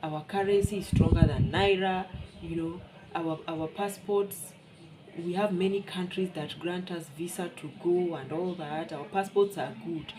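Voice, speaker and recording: A woman's voice: fairly low pitch, fairly even intonation, unhurried, background noise. A woman from Kenya with a Kenyan accent, talking frankly and bluntly in a casual vlog monologue. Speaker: vlogger.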